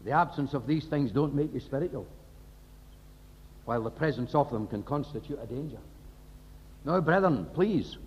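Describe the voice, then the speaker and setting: A man's voice: medium pitch, lively intonation, normal speed, pauses often, slightly rough. A man preaching an impassioned sermon, often firing rhetorical questions at the congregation. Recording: dull lo-fi recording in a reverberant hall.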